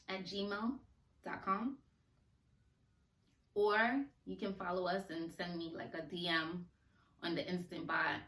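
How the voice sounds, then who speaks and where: A woman's voice: lowish voice, takes it slowly, long pauses, a bit bright, recorded from a distance. A woman hosting a solo podcast, talking in a heartfelt, conversational way and laughing often. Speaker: podcast host. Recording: roomy echo, voice a bit off-mic.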